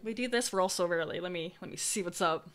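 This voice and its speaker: A woman's voice: on the low side, fast talker. A woman running a tabletop role-playing game from home, narrating and voicing characters, often laughing and breaking off mid-sentence. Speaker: game master.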